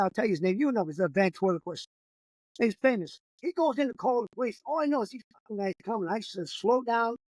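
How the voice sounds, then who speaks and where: A man's voice: high voice, dry recording, low-quality recording. An older man, a comedian, telling a rambling, profane story in casual conversation. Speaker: comedian guest.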